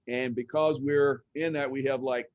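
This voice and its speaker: Man, mid-pitched voice, rambling, lots of fillers, dry sound. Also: fairly even intonation, normal speed, darkish tone, no echo, lo-fi sound. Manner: rambling, many fillers like "like" and "you know". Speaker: roundtable guest. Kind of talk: casual chat.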